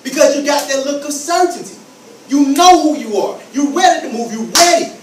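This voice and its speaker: High-voiced man giving an emphatic motivational talk. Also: moderate pace, reverberant, far from the mic, background noise. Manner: emphatic, repeating phrases, acts out scenes. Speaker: motivational speaker.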